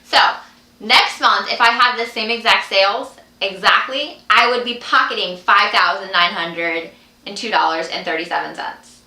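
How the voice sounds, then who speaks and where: Bright, gushing young woman vlogging. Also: medium pitch, moderate pace, roomy sound. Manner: gushing, breathless excitement, repeats herself. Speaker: vlogger, clothing sales consultant. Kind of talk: excited direct-to-camera vlog.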